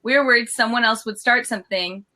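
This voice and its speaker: Woman, bright tone, slightly high voice, earnest co-host. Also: fast.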